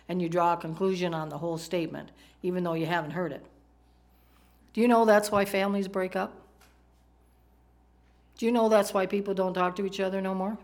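A woman's voice: lowish voice, darkish tone. Woman preaching a conversational sermon. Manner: conversational, asks the congregation questions. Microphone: microphone, PowerPoint slides in a church.

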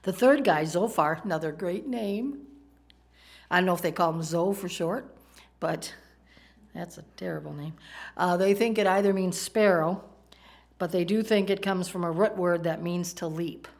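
In a church with PowerPoint slides, a woman preaches into a microphone, speaking conversationally and posing questions to the congregation. Her voice is lowish and her speed is normal.

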